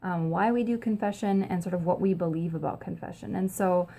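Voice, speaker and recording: A woman's voice: lowish voice, brisk, warm tone. Chatty upbeat woman pastor. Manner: chatty and upbeat, with frequent ums. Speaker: pastor and host of a short church video series. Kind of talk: casual teaching talk to camera.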